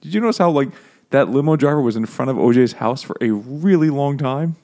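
A man at an ordinary middle pitch, co-hosting a loose, joking book-club podcast. He talks animatedly and bursts into quick impressions of the people he quotes. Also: lively intonation, warm tone. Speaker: podcast co-host. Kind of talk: casual comedic book chat.

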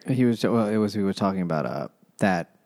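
A man co-hosting a casual book-club podcast, retelling the plot in a relaxed way with quoted asides. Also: low-pitched, brisk, no room sound, clean studio sound. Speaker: podcast co-host.

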